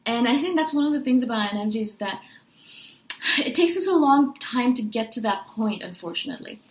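A woman's voice: a little high, expressive, brisk, echoey room, poor audio. A woman talking casually and earnestly in a monologue, venting her feelings and asking rhetorical questions. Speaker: personality-type video host.

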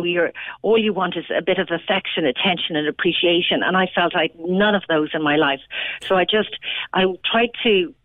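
An Irish woman in her fifties earnestly telling a personal story over the phone, halting and restarting often. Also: medium pitch, no echo. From Ireland. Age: 50s. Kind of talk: emotional personal account. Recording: tinny phone line.

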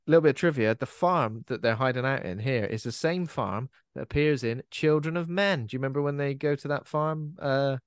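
A man talks through a horror film in a relaxed, rambling way, with lots of ums and half-finished thoughts. His voice sits at an ordinary middle pitch. The recording is dry and close, with no room sound. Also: brisk, few pauses, clean tone, no echo. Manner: chatty, trails off with fillers and laughs. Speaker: podcast co-host. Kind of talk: casual film discussion.

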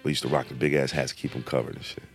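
Casting: middle-aged man, very deep voice, casual slangy storyteller, faint music bed. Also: rapid-fire, vocal fry. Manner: animated, slangy, acts out quotes. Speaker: guest telling a story.

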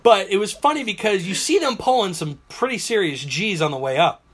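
A man hosts a loose, chatty podcast, recorded on a phone. He tells stories with high energy and acts out the reactions. His voice sits high and swings widely in pitch. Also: brisk. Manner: animated storyteller, acts out reactions and screams. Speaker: podcast host. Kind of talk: casual chat.

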